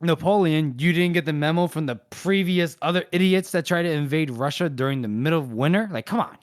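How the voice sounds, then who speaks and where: A man's voice: a little high, fairly quick, dry recording, studio quality. A man co-hosting a casual book-discussion podcast, joking and teasing the others and laughing often. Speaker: podcast co-host.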